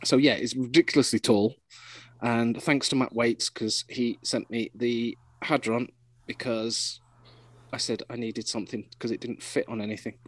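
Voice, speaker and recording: A man co-hosts a casual podcast, rambling and chatty at normal speed with frequent restarts, a lively pitch, and lots of laughter. The recording is low quality with no room sound.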